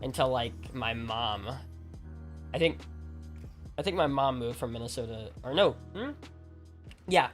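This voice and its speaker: A man's voice: medium pitch, lively intonation, unhurried, long pauses, faint music behind. A man from Alabama who streams games, chatting casually with viewers in a rambling way, full of "like" and restarts. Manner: rambling, heavy use of "like", frequent restarts. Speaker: game streamer. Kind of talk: casual chat with viewers while gaming.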